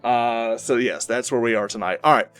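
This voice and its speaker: A man's voice: mid-range voice, moderate pace, a bit bright. A man narrating a tabletop game as game master, rambling with many fillers and restarts.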